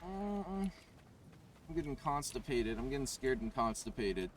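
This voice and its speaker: A man's voice: mid-range voice, fairly quick. A young man streaming a game live, chatting with crude, melodramatic, self-mocking humor. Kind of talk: live gameplay stream chat. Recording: distant from the mic with faint noise.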